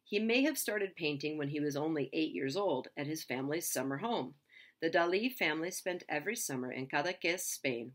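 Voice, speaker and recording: A woman reading a children's picture book aloud in a lively, expressive way. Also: sits low. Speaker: reader.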